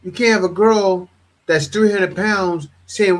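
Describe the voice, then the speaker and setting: A man's voice: high voice, slow, a bit bright. A man hosting a casual reaction commentary, talking bluntly and animatedly, often repeating himself. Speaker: commentary host.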